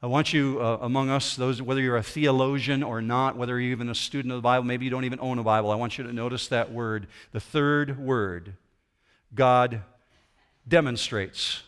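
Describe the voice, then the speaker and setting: A man preaching a sermon as pastor in a church auditorium, swinging between loud emphasis and quiet intensity. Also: mid-range voice, fairly even intonation, fast, hardly any pauses, smooth.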